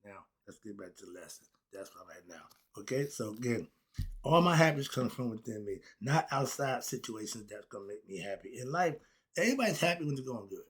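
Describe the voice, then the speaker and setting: Man, husky voice, preachy, self-help lecture, rhetorical questions. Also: mid-range voice, animated, fairly quick. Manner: preachy, repeats rhetorical questions and answers them. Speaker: self-help philosophy talk host. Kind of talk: casual spoken lecture.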